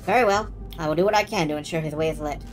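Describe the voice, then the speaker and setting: A woman's voice: sits low, racing, soft background music, pitched below the performer's own voice, natural voice. A woman voicing an old miserly man reading game dialogue in a stiff, formal way.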